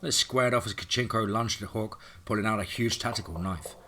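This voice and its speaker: A man narrating a horror story in a dramatic, steady way. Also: fairly low pitch, brisk, slight background noise.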